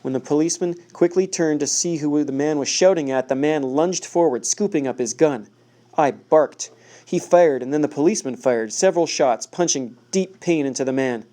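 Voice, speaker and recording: A man reading a first-person novel aloud in a steady, measured way. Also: on the high side. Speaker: audiobook narrator.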